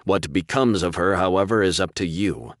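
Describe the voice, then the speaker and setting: A man's voice: sits low, dry recording, studio quality. A man voicing a composed elderly male interrogator who speaks plainly and evenly. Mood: cool measured. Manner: plain, measured.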